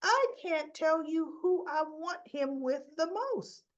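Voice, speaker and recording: A woman hosting a casual soap opera recap vlog, retelling scenes in an animated way with quoted lines. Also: very high-pitched, takes it slowly, lo-fi sound.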